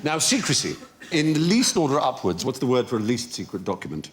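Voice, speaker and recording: Animated British quiz host. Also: male voice, mid-range voice, fairly quick, a little hiss or hum. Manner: erudite, relishes odd facts, laughs often. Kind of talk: comic panel show hosting.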